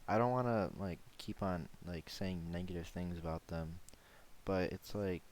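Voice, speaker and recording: A man's voice: low-pitched, steady tone, moderate pace, darkish tone. A man in a casual online chat, talking mildly and agreeably. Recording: faint hiss.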